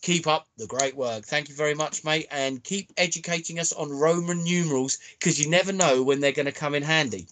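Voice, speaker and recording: A man's voice: a little high, brisk, hardly any pauses, a bit bright. A man from the United Kingdom co-hosting a podcast, casually bantering and reading out listener messages, with the odd swear. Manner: banter, swears freely, reads comments aloud. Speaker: podcast co-host.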